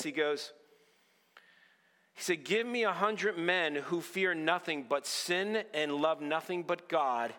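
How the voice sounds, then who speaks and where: A man preaching an earnest sermon, often dropping to a low hush on key lines. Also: big-room sound. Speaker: pastor.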